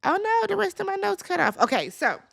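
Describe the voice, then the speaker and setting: A woman's voice: very high-pitched, very animated, fairly quick, creaky, fairly bright tone. A woman casually retelling a reality-TV episode in a chatty, blunt way, quoting people as she goes. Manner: chatty retelling, quotes people in their voices, blunt swearing. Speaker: recap vlogger.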